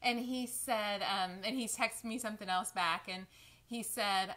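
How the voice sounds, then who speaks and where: Close to crying, a woman who runs a lifestyle vlog talks casually and emotionally with her live-stream audience, addressing them as "y'all." She has a medium-pitched, steady voice and a measured pace.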